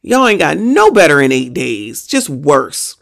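A woman's voice: low-pitched, sing-song, measured pace, creaky. A woman hosting a reaction show, ranting in a sassy, exasperated way with mild profanity. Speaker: reaction channel host. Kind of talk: reaction commentary.

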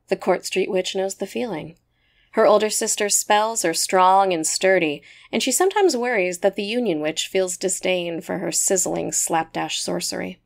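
A woman's voice: fairly low pitch, normal speed, gravelly. Woman reading a story aloud. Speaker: narrator. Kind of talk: scripted story narration.

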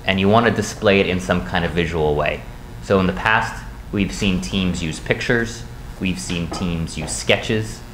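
A man with a very deep voice lectures methodically, laying out steps one by one for business students. The sound is roomy and echoing, with a faint background hiss. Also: a little slow, fairly bright tone. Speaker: business school instructor. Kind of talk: recorded lecture. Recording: echoey room, faint noise.

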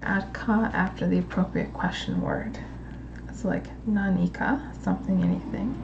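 A woman reading her study notes aloud and explaining them slowly, in a study-with-me video. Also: fairly low pitch, steady tone, creaky, lo-fi sound, background noise. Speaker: language learner studying on camera.

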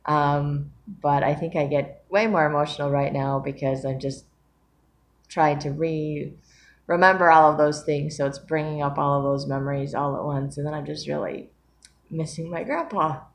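A woman's voice: deep voice, fairly even intonation, normal speed, a little hiss or hum. A woman author talking casually about her writing in a rambling, reflective way, with many ums and small laughs, tired from lack of sleep.

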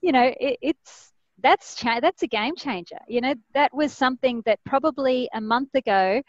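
A woman's voice: sits high, normal speed, no room sound, dull audio. A woman with an Australian accent chatting enthusiastically on an online panel, full of fillers. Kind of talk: casual video-call panel chat. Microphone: video call.

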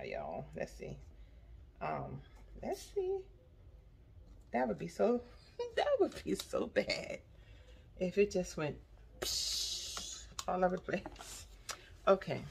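A woman's voice: fairly low pitch, creaky, breathy edge. A woman, chatting casually in a haul vlog, tasting snacks and sometimes talking with her mouth full. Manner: chatty and expressive, says "y'all" often; talks with her mouth full while chewing. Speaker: vlogger.

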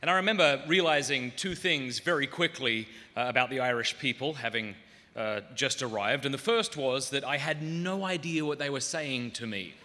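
An Australian man with a softened accent tells wry, self-mocking stories to a conference crowd. His tone is very bright and forceful, and his voice carries with a long echo through a large hall. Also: medium pitch, normal speed, slight background noise. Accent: muted Australian. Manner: self-deprecating storytelling, comic asides. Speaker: conference speaker. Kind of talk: humorous talk to a live audience.

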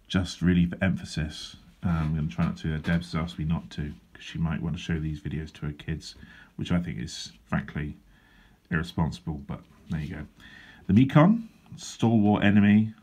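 A man with a low, deep voice talks casually about his drawing plans. His humour is dry and self-deprecating, and he wanders off on asides as he goes. He sounds like a comic artist vlogging from his desk. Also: darkish tone, highs cut off. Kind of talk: casual drawing vlog chat. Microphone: handheld wobbling camera.

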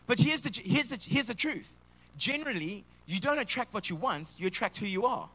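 Pastor guy, high bright voice, joking around mid sermon, echoey church hall. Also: a little fast. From South Africa. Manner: energetic, joking preacher calling out to the congregation. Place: church auditorium. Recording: live church hall reverb.

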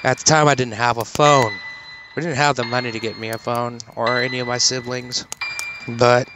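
A young man from Kansas tells a spooky campfire story in a loose, casual way. He swears freely and laughs now and then, in a voice of middling pitch. A steady hiss of background noise sits under the recording. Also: moderate pace. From Kansas, United States. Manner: swears often, laughs while telling, quotes others in his own voice.

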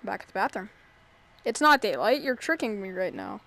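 A woman's voice: medium pitch, big pitch swings, normal speed, fairly bright tone. A woman playing a spooky video game and commenting as she goes, jumpy and exclaiming, with the odd curse. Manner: jumpy, exclaiming, swearing now and then. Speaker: gamer. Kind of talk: let's play commentary.

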